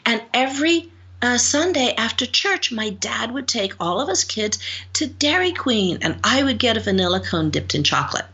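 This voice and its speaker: Lively older woman telling a story. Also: a little high, normal speed, dull audio. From Guam. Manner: animated storyteller acting out quoted voices. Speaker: psychologist guest. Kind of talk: storytelling in a podcast interview.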